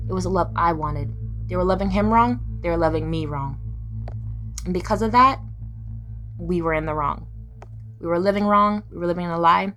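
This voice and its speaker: A young woman telling her life story to the camera in a blunt, profane way, now and then squealing her inner voice. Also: fairly low pitch. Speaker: vlogger.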